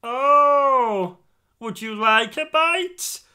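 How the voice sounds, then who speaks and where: Casual: guy doing a timid little sidekick, slow and unsure, smooth clear tone. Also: very high voice, animated, sharp tone, voice pushed up, full character voice. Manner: hesitant, timid. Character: meek, dim male sidekick Bertram.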